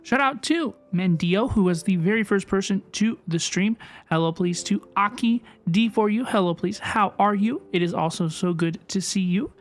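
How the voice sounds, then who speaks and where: A woman VTuber streaming live, bubbly and excitable as she greets her chat by name. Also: mid-range voice, moderate pace, few pauses, soft background music.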